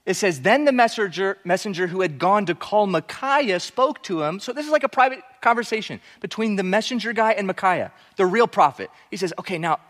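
A man preaching a sermon on a Bible passage, animated, acting out the characters' voices as he goes. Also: sits high, a little fast, few pauses. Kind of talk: expository sermon. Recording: hall reverb.

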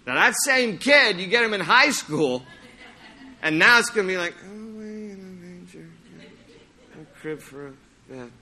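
Animated, bright-voiced pastor preaching. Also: male voice, mid-range voice, slight background noise. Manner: animated, acts out anecdotes with playful sung impressions. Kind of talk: sermon. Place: church sanctuary.

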